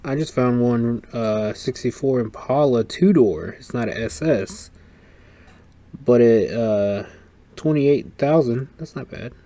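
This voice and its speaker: A man hosting a podcast, chatting casually and telling stories in an animated way, swearing freely and acting out what others said. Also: mid-range voice, slow pace. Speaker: podcast host. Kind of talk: casual chat, storytelling.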